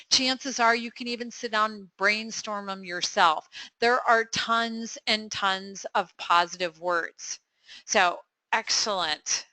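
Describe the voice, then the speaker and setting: A middle-aged woman hosting a live coaching webinar Q&A, upbeat and encouraging with quick affirmations and frequent fillers. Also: fairly high pitch, sharp tone, no echo.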